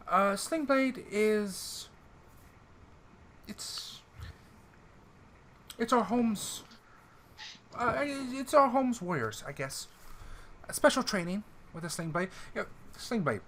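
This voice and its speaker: A man's voice: very high voice, lively intonation, slow, long pauses, fairly bright tone, a little hiss or hum, voice pushed up, heavily acted. Man doing a nasal, perky young woman. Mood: rambling.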